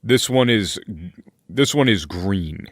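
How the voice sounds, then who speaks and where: A man with a lowish voice narrates a tabletop game as its game master. He lays out scenes in an unhurried, deliberate way. The sound is dry and close, with no room behind it. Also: lively intonation, dry recording. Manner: slow, deliberate scene-setting.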